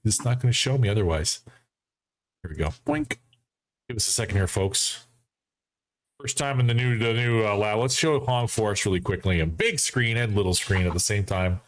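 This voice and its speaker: A man hosting a casual football fan show for a live audience, animated and mocking, acting out friends he quotes. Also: on the low side, brisk. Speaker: sports fan show host. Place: home studio setup.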